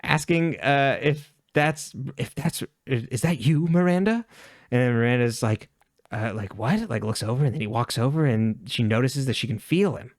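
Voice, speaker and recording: A man's voice: medium pitch, normal speed, no echo, studio quality. A man co-hosting a podcast, casually recapping a TV episode with offhand asides and chuckles. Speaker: podcast co-host.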